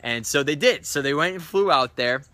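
Bright-voiced man telling a sales story. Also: a little high, moderate pace, no room sound. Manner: animated storyteller acting out quotes. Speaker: sales trainer. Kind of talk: storytelling sales tip video.

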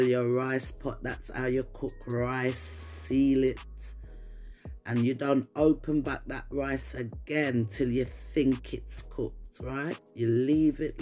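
A woman's voice: a bass voice, a little mellow. A woman with a Jamaican accent, chatting to viewers in patois-laced English while she demonstrates a recipe in her kitchen. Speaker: cooking vlogger. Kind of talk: casual cooking demonstration.

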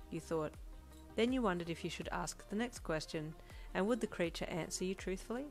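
Calm woman narrating a fan story. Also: on the low side, a little fast. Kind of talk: fan fiction audio reading. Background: soft backing music.

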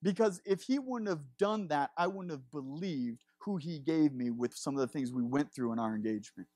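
A man's voice: a little high, animated, normal speed, darkish tone, no echo. A man in his thirties preaching a sermon, impassioned and confessional, with laughing asides. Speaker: pastor.

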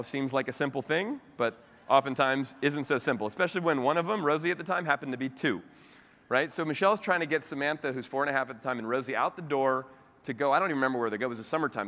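A man giving a motivational keynote speech, telling stories with animated asides to the audience. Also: medium pitch. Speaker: keynote speaker. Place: large convention hall. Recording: long hall reverb.

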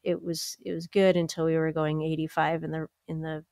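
Lowish-voiced woman telling a wild story. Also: brisk, dry recording, studio quality. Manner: animated, acts out quoted voices, lots of "like" and laughter. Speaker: podcast co-host. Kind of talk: casual storytelling chat.

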